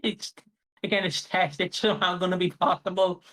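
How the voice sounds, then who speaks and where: This podcast co-host has a medium-pitched, slightly bright voice with a level tone and a fairly quick pace. Chatting casually about wrestling, they swear, laugh, and hum theme songs.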